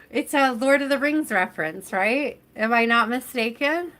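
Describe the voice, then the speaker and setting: A woman's voice: high voice, fairly bright tone. A woman hosting a live tarot reading stream, chatting casually and addressing viewers by name as she reads.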